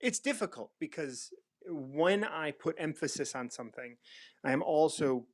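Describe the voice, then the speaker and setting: A man's voice: fairly high pitch, animated, moderate pace. A man hosting a casual spiritual discussion, talking thoughtfully with frequent restarts. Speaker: recovery mentor and host.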